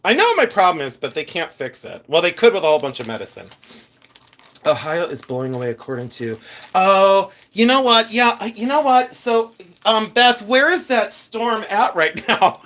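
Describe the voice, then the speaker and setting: A man's voice: high voice, lively intonation, moderate pace, fairly bright tone. A man hosting a live stream about gems, chatting casually with viewers, giggling often and rambling into asides. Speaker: livestream host showing gems.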